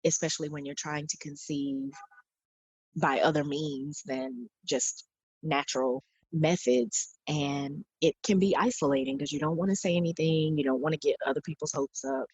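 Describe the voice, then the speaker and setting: A woman's voice: low-pitched, moderate pace, a little mellow, slightly rough, no room sound. A woman in her forties, a podcast guest, earnestly recounting personal experiences and quoting the people she spoke with. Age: 40s. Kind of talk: personal storytelling in an interview.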